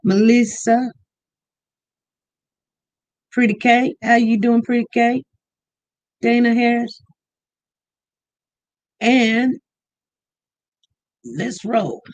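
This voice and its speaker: An easygoing live-stream host speaks slowly and deliberately, reading out viewers' names one after another. The voice sits at a middle pitch, and the delivery is relaxed and conversational. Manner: unhurried, warm greetings of viewers by name. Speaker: livestream host. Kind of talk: casual live-stream chat greeting viewers.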